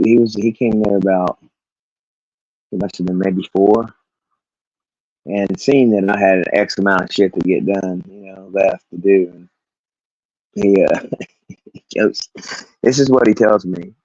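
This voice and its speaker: Low-voiced man ranting casually. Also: dark tone, no room sound. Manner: profane, rambling, laughs often. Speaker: vlogger. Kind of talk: casual rant. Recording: dull, lo-fi, dry recording.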